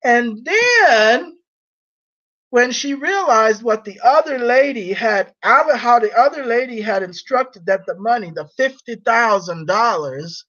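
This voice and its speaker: A man's voice: very high-pitched, expressive, slow pace, pushed and bright, muffled recording. Rambling, laughing man on a livestream. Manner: rambling and teasing, laughs often. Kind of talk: casual chat on a livestream.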